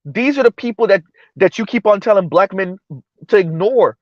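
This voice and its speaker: A man hosting a live-stream commentary show, talking in an animated, incredulous way, repeating words and restarting sentences. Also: high-pitched, moderate pace, no room sound, lo-fi sound.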